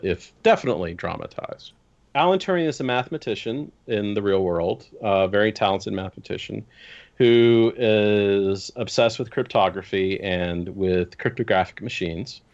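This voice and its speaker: A man's voice: lowish voice, moderate pace, vocal fry, dull audio. A man as a podcast guest, telling history in casual chat, incredulous and swearing casually. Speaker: podcast guest discussing tabletop game lore.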